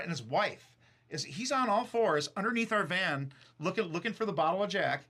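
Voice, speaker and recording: A man casually telling road stories from his band days, profane and animated, full of fillers. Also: sits high, moderate pace. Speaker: streamer and band frontman. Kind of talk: casual storytelling chat. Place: recording studio.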